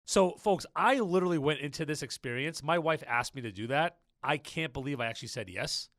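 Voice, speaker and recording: A man hosting a business podcast, chatty and animated, telling stories straight to his listeners. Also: on the high side, brisk, no echo, clean studio sound. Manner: chatty, storytelling, addresses listeners as folks. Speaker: podcast host. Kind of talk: casual business podcast chat.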